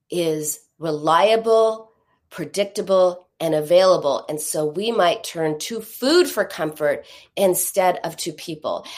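A woman giving a live teaching talk to an audience, telling stories in an earnest way with lively asides. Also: medium pitch. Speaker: teacher on emotional eating.

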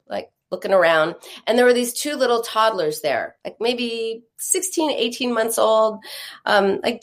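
A woman giving a live teaching talk to an audience, telling stories in an earnest way with lively asides. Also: fairly high pitch. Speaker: teacher on emotional eating.

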